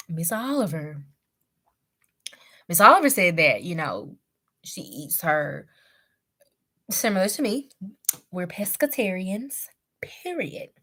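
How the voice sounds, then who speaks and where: A young woman giving a casual live recap, chatty and slangy with lots of fillers, clearing her throat from a cough. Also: mid-range voice, sing-song, slow pace, long pauses, fairly bright tone. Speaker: show reviewer.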